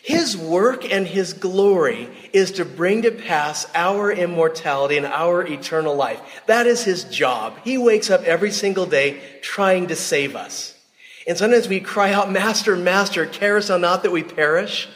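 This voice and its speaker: A man giving a sermon to a live audience, telling stories in a lively, chatty way, often laughing and speaking straight to his listeners. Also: high voice, unhurried, in a large hall. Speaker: devotional speaker.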